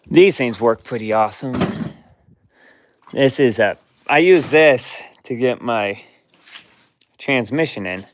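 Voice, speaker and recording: A man rambling to himself in casual running commentary while cleaning out a cluttered workshop. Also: mid-range voice. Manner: slow, rambling, talks to himself and his dog. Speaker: vlogger cleaning his workshop.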